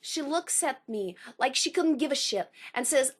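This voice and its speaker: A woman's voice: sits high, expressive, normal speed, hardly any pauses. A woman performing a spoken-word poem with an intense, emphatic delivery. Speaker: poet.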